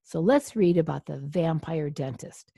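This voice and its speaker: A woman reading a children's picture book aloud, gently explaining the story to a young listener. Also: deep voice, expressive, measured pace, vocal fry, husky, no echo, studio quality.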